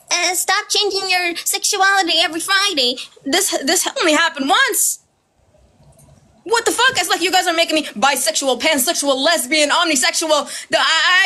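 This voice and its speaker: A woman ranting straight to camera, loud and heated, swearing constantly and mimicking her critics with sarcasm. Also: high-pitched. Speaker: social media creator. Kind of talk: ranting direct-to-camera video.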